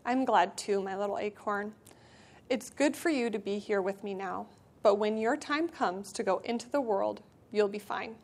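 A woman voicing a tall, gentle mother oak tree in a read-aloud storybook, speaking softly and soothingly. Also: medium pitch, normal speed, lightly acted. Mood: gentle reassurance.

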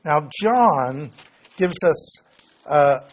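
A man's voice: fairly high pitch, animated, extremely slow, breathy edge. A man teaching a Bible study lesson, reading scripture passages aloud and explaining them plainly, often correcting himself as he goes.

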